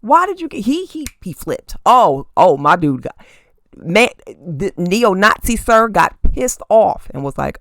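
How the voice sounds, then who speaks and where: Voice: mid-range voice, sing-song, measured pace, fairly bright tone, no room sound, studio quality. A podcast host giving blunt, casual opinion commentary to camera from a room at home, cursing freely and asking "okay?". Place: room at home with crystals and statues on display. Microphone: camera facing the host.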